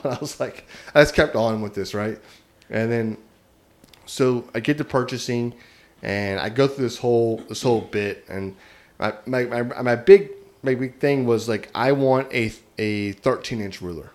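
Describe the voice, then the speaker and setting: Man, casual storyteller, rambling and self-amused, mid-pitched. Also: normal speed. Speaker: guest telling a prank story.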